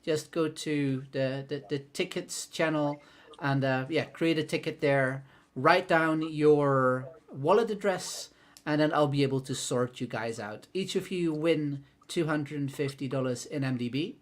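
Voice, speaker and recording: A man's voice: a little high, measured pace. Laid-back male livestream co-host. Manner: relaxed, laughs often, frequent fillers. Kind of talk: casual livestream chat.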